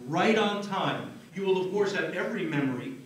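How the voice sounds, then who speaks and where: Stage hypnotist, male, higher voice, soothing patter, taped far from the stage in a reverberant venue. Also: expressive. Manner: slow soothing suggestions, then apologetic banter. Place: live venue with audience. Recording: echoey room, taped from afar.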